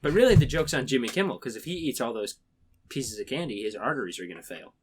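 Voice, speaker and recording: A man's voice: medium pitch, quick pace, slight background noise. A young man co-hosting a podcast in casual chat, joking and acting out little bits of other people. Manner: animated, mock-voices people for jokes. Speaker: podcast co-host.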